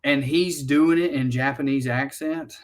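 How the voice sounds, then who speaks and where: A man, co-hosting a podcast as an animated, profane storyteller. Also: mid-range voice, a little slow. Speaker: podcast co-host. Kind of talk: casual comedic chat.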